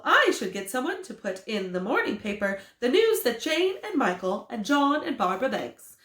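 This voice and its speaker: A woman reading aloud and voicing a pompous, stingy middle-aged father in a put-on British accent, with brisk, self-important grumbling. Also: a little high, a bit bright. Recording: roomy echo.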